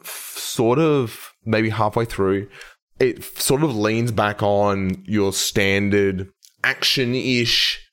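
A man's voice: lowish voice, takes it slowly, fairly bright tone. A man co-hosting a podcast, chatting casually in a rambling, hedging way with the odd swear word. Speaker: podcast co-host. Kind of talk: casual chat.

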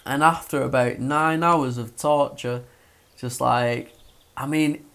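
A young man, telling a story in casual chat, sweary and animated. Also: medium pitch, slow pace, creaky, smooth. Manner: sweary, animated, acts out voices in his stories.

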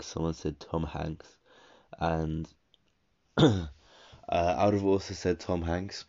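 A man's voice: deep voice, vocal fry, a little mellow, highs cut off. A young man talking through a casual solo podcast, rambling and coaching himself, with many fillers and restarts.

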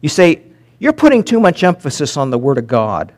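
A man preaching a sermon as pastor, swinging from loud emphatic peaks to quiet drops and slowing down to read scripture aloud. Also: on the high side. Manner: animated preaching, rising and dropping sharply for emphasis.

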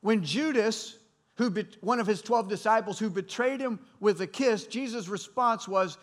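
A middle-aged pastor with a fairly high male voice delivers a sermon to his congregation. He preaches in a conversational way and keeps turning to the room with questions. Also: a little slow. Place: church hall before a congregation.

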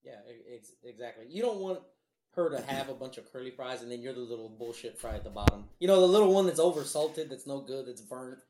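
Profane, animated man in an echoey room. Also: medium pitch, fast. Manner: animated, profane, laughs often. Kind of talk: casual crude chat.

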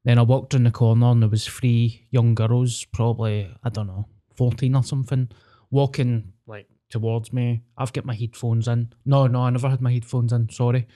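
A young Glaswegian man co-hosts a podcast, spinning a sweary, self-mocking story. His voice sits dark and mellow. He talks loosely and casually. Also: mid-range voice, level tone, normal speed. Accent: Scottish, Glasgow. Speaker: podcast co-host. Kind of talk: casual chat.

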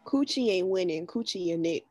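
A laid-back woman tossing out dry rhymes in casual chat. Her voice is dark and husky. The sound is close and dead, with no room around it. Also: on the low side, animated, moderate pace, dry recording. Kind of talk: casual chat, rhyming word game.

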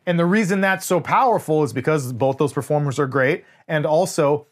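A man's voice: fairly high pitch, brisk. A man co-hosting a podcast, reviewing a film in casual, emphatic chat and swearing freely. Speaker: podcast co-host.

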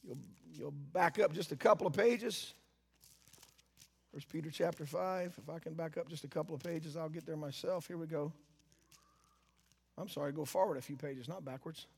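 A man preaching a sermon. He reads scripture slowly and emphatically, then speaks casually with asides to the congregation. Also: fairly high pitch, creaky, fairly bright tone, slightly rough, big-room sound.

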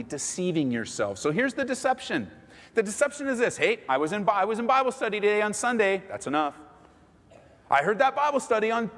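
A man preaching a sermon as pastor, animated and fond of acting out what people say. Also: a little high, breathy edge, long reverb tail. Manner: animated, acts out quoted voices. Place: church sanctuary.

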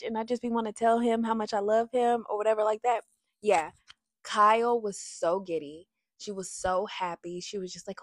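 With a higher voice at normal speed, a woman gives a sassy, animated reality TV recap directly to viewers she calls y'all. The audio is clean studio sound with no room tone, and her chatty, opinionated talk includes bits of singing.

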